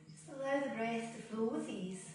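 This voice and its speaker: A woman guiding a yoga and breathing practice, speaking slowly and soothingly with long pauses between cues. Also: on the high side, noisy background. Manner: slow, calm, soothing guidance with long pauses. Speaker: yoga teacher. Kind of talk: guided yoga and breathing instruction. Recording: roomy echo, voice from a distance.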